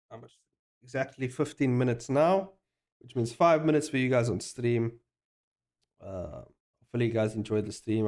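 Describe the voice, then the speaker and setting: A man's voice: medium pitch, darkish tone. Rambling man streaming. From South Africa. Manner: rambling, laughs often, swears casually. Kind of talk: casual livestream chat.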